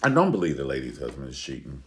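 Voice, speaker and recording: A man giving a sassy, profane reality TV review, acting out quotes in high voices. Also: very animated, quick pace. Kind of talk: animated casual commentary.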